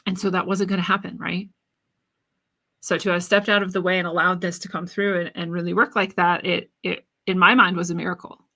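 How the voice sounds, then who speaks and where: A woman's voice: lowish voice, level tone, brisk, sharp tone. A woman podcast host telling a personal story in an earnest, reflective monologue about spirituality.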